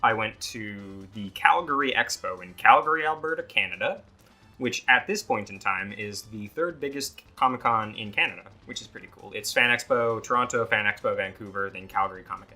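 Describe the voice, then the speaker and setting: A man co-hosting a casual gaming podcast who jokes, laughs often and drops into quick impressions. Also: fairly low pitch, pushed and bright, faint music behind. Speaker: podcast co-host. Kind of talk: casual chat while gaming.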